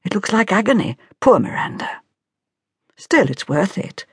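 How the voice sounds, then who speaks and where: A woman's voice: medium pitch, sing-song, a little slow, breathy edge, no echo, voice pushed up, heavily acted. Whispered role-play, catty society woman, as a narrator puts her on, hissing, arch.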